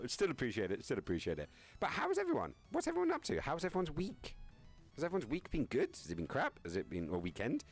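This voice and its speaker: A young man streaming live, chatting casually with viewers, reading chat aloud and joking around. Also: lowish voice. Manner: rambling, joking, reads chat aloud and laughs often.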